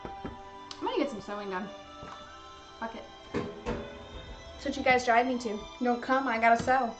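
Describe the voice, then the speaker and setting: A woman hosts a cooking livestream, chatting to her viewers in a bubbly, gushing way, with a fairly high, lively voice, an unhurried pace and long pauses. The audio is dull, with faint music in the background.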